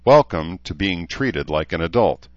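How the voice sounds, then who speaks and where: A man with a deep voice playing a dry-humored, fatherly male camp leader in an audiobook, on a dry, slightly dull recording. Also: animated, a little slow, no echo. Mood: stern. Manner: dry, joking.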